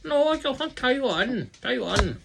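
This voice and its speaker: A woman voicing an excitable, chatty female hand puppet in a squeaky high voice, gushing and repeating herself. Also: measured pace, creaky, noisy background, full character voice. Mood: cheery. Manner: gushing and repetitive.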